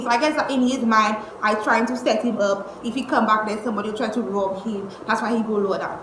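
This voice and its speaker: Animated woman telling a story. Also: a little high, brisk. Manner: animated, exasperated storytelling with curses and slang. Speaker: vlogger. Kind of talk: storytime vlog. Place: indoors at home. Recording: echoey room with faint noise.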